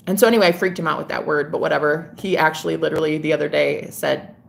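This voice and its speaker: A woman's voice: low voice, fairly even intonation, fast talker, creaky. A woman tarot reader chatting on a live stream, gushing and swearing freely as she talks to viewers.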